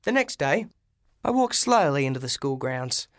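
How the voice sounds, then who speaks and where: A man's voice: medium pitch, sing-song, normal speed, no echo, clean studio sound. A man reading a first-person storybook aloud as an audiobook, with frequent restarts and small fillers. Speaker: audiobook reader. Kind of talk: scripted audiobook narration.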